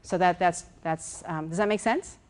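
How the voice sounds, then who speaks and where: A woman's voice: fairly low pitch, moderate pace, smooth. Woman coaching a roomful, chatty and direct. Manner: conversational, repeats words, checks in with the audience; walks around while speaking. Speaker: executive coach giving a workshop talk. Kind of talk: lively conference workshop talk.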